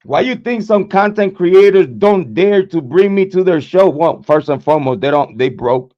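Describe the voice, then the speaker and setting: Ranting on his true crime livestream, this man is profane and confrontational, stumbling into restarts and repeating himself a lot. His high voice is animated and moderately paced, and the audio is dull and lo-fi.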